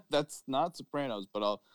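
A man co-hosting a casual podcast, talkative and relaxed, with crude humor. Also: medium pitch, moderate pace, dry recording. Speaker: podcast co-host.

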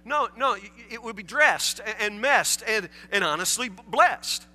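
A man preaching in a church, with a high voice and a very bright, forceful tone. He talks conversationally, often stumbling and restarting words as he explains. The sound carries a long hall echo with faint music underneath. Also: animated, moderate pace. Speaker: pastor. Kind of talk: sermon.

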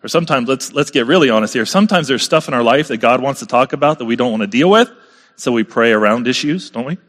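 A man's voice: medium pitch, lively intonation, quick pace, a bit bright, in a large hall. A man preaching a sermon in a conversational way, often turning to the congregation with rhetorical questions. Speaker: pastor.

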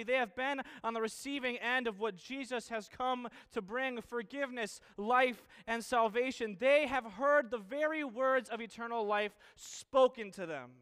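A man preaching a sermon, earnest, asking the same questions again and again with pauses and restarts. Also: very high voice, fairly bright tone, clean tone.

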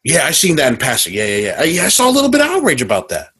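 Husky laid-back male podcast co-host. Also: fairly high pitch, huge pitch swings, racing, fairly bright tone. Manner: laid-back, reacting with short backchannels and slang. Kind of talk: casual chat.

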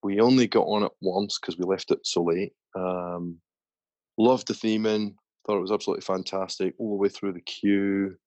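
A man's voice: sits low, fairly even intonation, moderate pace, darkish tone, dry recording, highs cut off. A man hosting a podcast, telling stories in a casual, chatty way. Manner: chatty storyteller. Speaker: podcast host. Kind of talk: casual chat.

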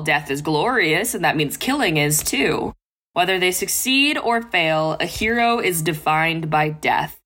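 A woman's voice: on the low side, fairly bright tone. A woman voicing a sly old female pirate captain in a read-aloud passage on a podcast, with a dry, teasing delivery.

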